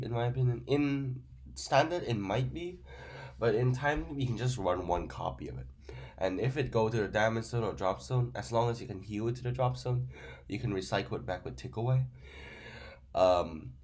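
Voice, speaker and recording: A man's voice: on the low side, darkish tone. Sick man rambling through a card review. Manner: non-native grammar, rambling with fillers. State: sick, stuffy voice.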